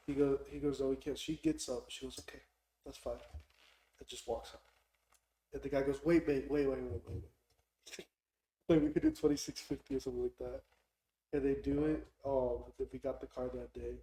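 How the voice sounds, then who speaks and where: A man's voice: medium pitch, fairly quick, slight background noise. A young man hosting a podcast, chatting casually and telling a story, acting out the people in it. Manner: animated storyteller, mimics people loudly in quotes. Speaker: podcast host. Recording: echoey room.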